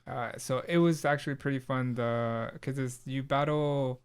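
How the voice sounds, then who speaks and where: A man's voice: medium pitch, fairly even intonation, normal speed, clear, resonant tone. A man co-hosting a casual podcast, chatting in a loose, rambling way with lots of fillers and restarts. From Southern California. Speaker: podcast co-host. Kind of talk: casual chat.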